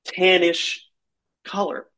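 Male comic storyteller, slow and rambling, slightly high voice, casual delivery full of "like.". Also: creaky, pushed and bright.

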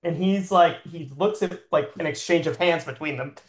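Man, slightly high voice, rambling comic storyteller, echoey room, cast for loose improv yarns. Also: moderate pace. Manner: rambling with frequent "like" fillers and laughs.

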